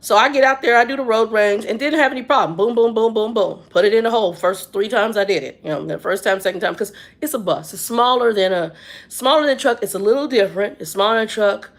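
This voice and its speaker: This woman vlogger, in her 50s, talks fast at a medium pitch as she relates a story casually. Her delivery is lively and chatty, packed with reported speech.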